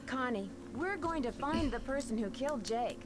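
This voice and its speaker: A woman's voice: high voice, lively intonation, normal speed. An actress playing an earnest teenage girl detective in a mystery game, asking probing questions. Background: game music.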